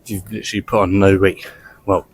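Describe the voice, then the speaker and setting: A man's voice: sits low, little pitch movement, brisk, husky, no echo. A man talking casually to the camera while walking on a gym treadmill, a little out of breath, rambling with many fillers. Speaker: fitness vlogger.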